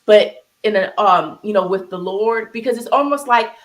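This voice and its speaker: A woman's voice: mid-range voice, moderate pace, poor audio. Earnest woman sharing something painful, close to tears. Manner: earnest, tearful at times, restarts and fillers. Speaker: podcast co-host. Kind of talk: emotional personal talk.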